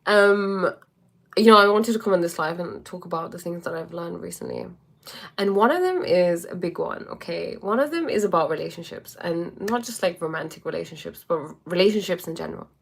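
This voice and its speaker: Rambling lower-voiced woman on a livestream. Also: a little fast, gravelly. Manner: rambling, filler-heavy, reads viewer comments aloud. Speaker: life coach. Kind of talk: casual livestream chat.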